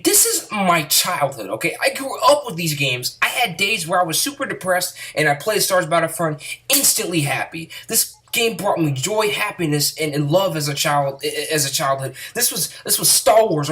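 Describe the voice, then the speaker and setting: A woman's voice: lowish voice, a bit bright. A woman YouTuber sitting at home in an angry, profane rant about video games, rambling and restarting her sentences. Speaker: gaming YouTuber.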